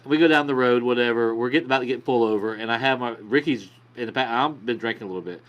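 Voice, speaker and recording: A man's voice: medium pitch, rapid-fire, highs cut off. A man telling a rambling, profane bar story in casual podcast chat. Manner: profane, rambling anecdote with acted quotes.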